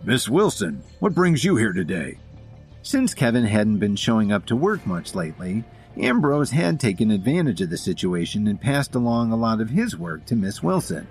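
A man narrating a scripted story in an even storytelling delivery. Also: on the low side, normal speed, hardly any pauses, slightly rough, faint music behind.

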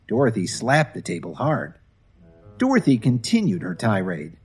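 A man narrating a scripted story in an expressive, animated reading. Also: medium pitch, moderate pace, breathy edge, soft background music.

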